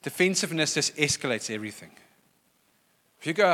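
A man's voice: fairly high pitch, very animated, normal speed, fairly bright tone. A middle-aged male pastor preaching a sermon, emphatic and repeating key phrases for weight. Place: church hall. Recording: church hall reverb.

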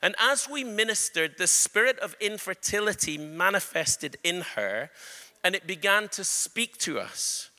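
A man preaching a sermon, telling an animated story and joking with his congregation. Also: high-pitched, measured pace. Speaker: pastor. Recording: echoey hall reverb.

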